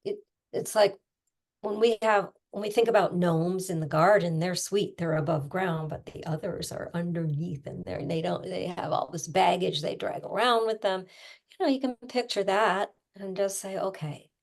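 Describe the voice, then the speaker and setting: A middle-aged woman coach with a low voice and a gravelly edge. She talks casually and explains things through homey pictures and quick little asides. Her tone stays plain and conversational.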